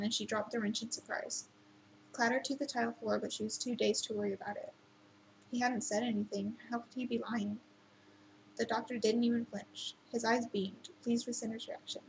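A woman reading a novel aloud at an unhurried pace, with occasional slips and restarts. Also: on the high side, creaky, a little mellow, slight background noise, poor audio. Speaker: reader.

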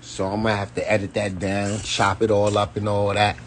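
A man's voice: fairly low pitch, completely flat delivery, moderate pace, slight background noise. A man giving loose, slangy live-stream commentary and talking straight to his viewers. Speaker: YouTube commentator.

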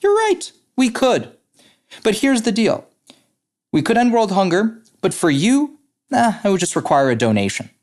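A man doing a squeaky smug pig. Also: huge pitch swings, normal speed, a little mellow. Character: smug male pig at a bar joke.

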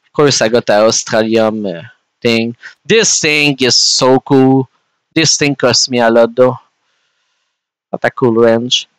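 A man with a French Canadian accent chats his way through a gaming session in an unhurried, drawn-out delivery. His voice is smooth and clean, and it sits close and dry against the mic. He rambles to his viewers between moves. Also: medium pitch, fairly bright tone, no room sound. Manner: rambling and chatty, talks to viewers while playing. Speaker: gaming streamer. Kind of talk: casual gameplay commentary.

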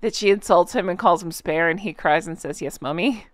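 A woman's voice: on the low side, brisk, no room sound, studio quality. A woman hosting a reaction channel, chatting to viewers with a giggly, casual manner and lots of fillers.

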